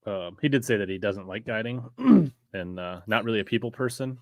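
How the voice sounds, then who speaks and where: A man's voice: on the low side, animated, moderate pace, vocal fry, a little mellow, no echo. A man hosting a casual chat, easygoing and critical, with frequent fillers like "like" and "uh". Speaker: channel host.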